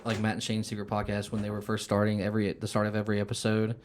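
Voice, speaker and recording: A man's voice: lowish voice, completely flat delivery, racing, slight background noise. A young man co-hosting a podcast, chatting casually, rambling with lots of fillers and frequent laughs. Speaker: podcast co-host. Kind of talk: casual chat.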